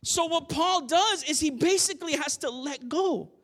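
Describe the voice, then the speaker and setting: A pastor with a strikingly high voice delivers a sermon in a loose, conversational way, restarting phrases and building to emphatic, repeated points. The sound carries the long reverb of a church hall. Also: male voice, moderate pace, a bit bright. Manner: conversational preaching with frequent restarts, rising to emphatic.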